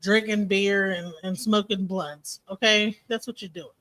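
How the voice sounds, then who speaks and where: A woman's voice: mid-range voice, fairly even intonation, measured pace, a bit bright. A young woman hosting a casual live-stream chat, rambling and joking with plenty of profanity. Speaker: host.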